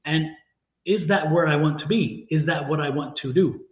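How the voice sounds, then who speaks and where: A man co-hosting a livestream tarot reading, deliberate and emphatic with a wry edge. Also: on the high side. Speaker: tarot reader and co-host. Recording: tinny phone-like sound in an echoey room.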